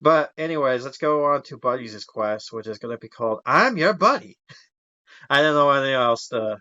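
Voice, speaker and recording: Bright-voiced young man rambling casually. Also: medium pitch, animated, moderate pace, no room sound, lo-fi sound. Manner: rambling, laughs often, acts out character voices. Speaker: podcast host. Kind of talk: casual podcast chat.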